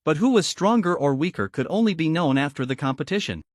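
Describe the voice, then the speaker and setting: A man narrating a fantasy novel story in a scripted, animated storytelling manner. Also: on the high side, fast, no room sound, clean studio sound.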